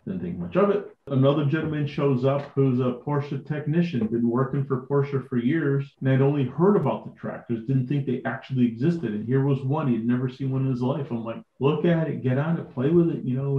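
Animated man telling stories, echoey audio. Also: medium pitch, moderate pace, few pauses, lo-fi sound. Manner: animated anecdote-telling with quoted dialogue. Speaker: podcast guest, tractor collector. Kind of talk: casual storytelling.

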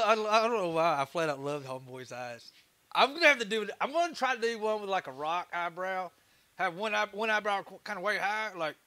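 Bright-voiced Texan man chatting on a livestream. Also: high-pitched. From Texas. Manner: laid-back, laughs often, swears casually. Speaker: livestream host, woodturner. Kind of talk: casual livestream chat.

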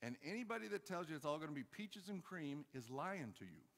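A man preaching a sermon, telling a story and urging his church, moving between loud calls and quiet asides. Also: on the high side, sing-song, a little fast, in a large hall. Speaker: pastor. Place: church hall.

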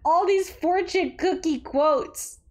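A woman reacting to a movie as the host, loudly cheering, cursing and laughing at the screen, with the film soundtrack playing underneath. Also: very high voice, takes it slowly. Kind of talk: casual movie reaction commentary. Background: movie audio and music.

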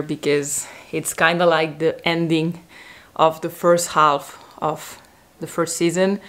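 Woman, young adult, deep-ish voice, casual vlog recap, animated, breathless. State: pregnant, out of breath. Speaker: vlogger recapping a TV show.

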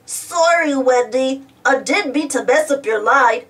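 A woman's voice: sits high, a little slow, fairly bright tone. A woman voicing a naughty, giggling male scarecrow in a storybook reading, cheeky and mischievous.

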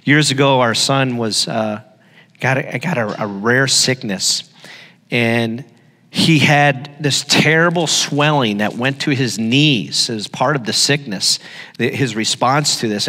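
A man's voice: mid-range voice, unhurried, sharp tone. A middle-aged man preaching a sermon as pastor, telling stories with emphatic repetition. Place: church hall. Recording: long hall reverb.

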